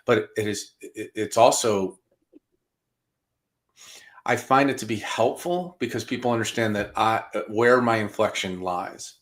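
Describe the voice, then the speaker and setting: A low-pitched man hosting a casual podcast chat. He speaks in a halting way, stacking false starts and fillers before landing firmly on his point. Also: a bit bright. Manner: halting, with repeated restarts and fillers. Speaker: podcast host.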